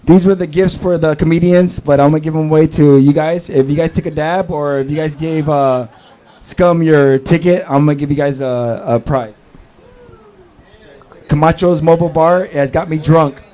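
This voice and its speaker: A man's voice: fairly high pitch, fairly even intonation, moderate pace. A tipsy man hosting an open mic, telling a loose story and handing out prizes to the crowd. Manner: loose, rambling, shouts to the crowd. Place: comedy club stage before a live audience.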